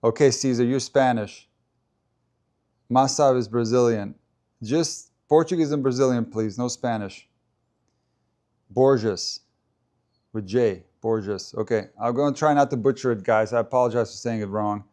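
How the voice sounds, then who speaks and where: Chatting through a tennis match on a live stream, a man answers comments from viewers and tries out how names are pronounced. He talks at a normal speed in a mid-range voice that's a little mellow.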